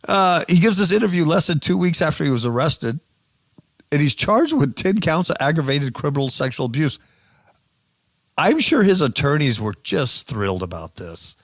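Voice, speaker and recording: A man's voice: on the high side, lively intonation, moderate pace, creaky, long pauses, no echo, studio quality. A man hosting a radio show, giving sarcastic, mocking commentary on news stories.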